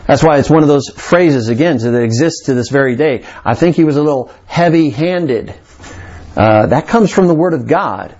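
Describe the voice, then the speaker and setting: A man's voice: on the high side, a little mellow, lo-fi sound. Man preaching a verse-by-verse sermon. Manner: reads scripture aloud then explains, stresses key words. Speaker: pastor. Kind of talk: expository sermon.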